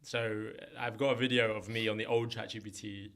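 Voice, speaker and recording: A man in his thirties, a comedian guest chatting casually on a podcast in an animated, jokey way and quick to laugh. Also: lowish voice. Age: 30s.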